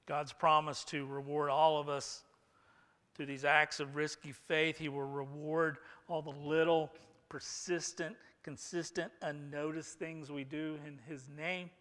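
A male pastor preaching a sermon, emphatic, moving between hushed, slowed phrases and loud bursts. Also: fairly high pitch, flat delivery, long reverb tail.

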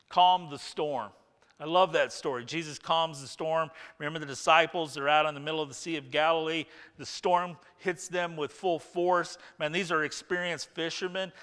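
A man's voice: a little high, bright, forceful tone, clean tone, big-room sound. A man preaching a sermon as pastor, talking conversationally and asking his listeners rhetorical questions.

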